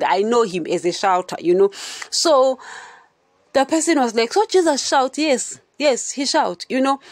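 A woman hosts a Christian podcast, teaching in a casual, chatty way and frequently checking whether listeners understand. Her voice is medium-pitched, with no room sound.

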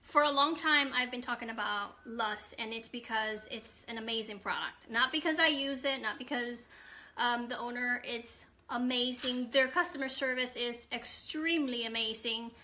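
Bright, chatty woman hosting a live stream; casual, with frequent ums. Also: on the high side, normal speed, a little hiss or hum.

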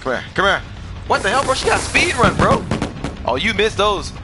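A man's voice: high voice, big pitch swings, moderate pace, music in the background. A young man giving casual, jokey commentary while streaming a video game, laughing often and trash-talking the game. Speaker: gaming streamer.

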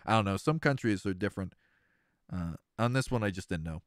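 Animated thirty-year-old man streaming. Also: on the low side, fairly quick, dry recording, clean studio sound. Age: 30s. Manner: animated, jokey, laughs often. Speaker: streamer, let's-play host. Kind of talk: casual game commentary, chatting with viewers.

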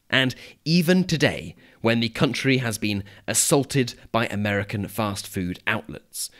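A British man with a lowish voice narrates a prepared script. He speaks clearly and at a measured pace, like a teacher telling a story to learners. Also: fairly bright tone. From Britain. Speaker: podcast host.

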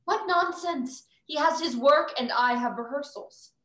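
A young student actress with a high, slightly bright voice performs over a video call at a measured pace. She plays a proud, theatrical stage-star mother, haughty at first, whose grand scolding turns tender.

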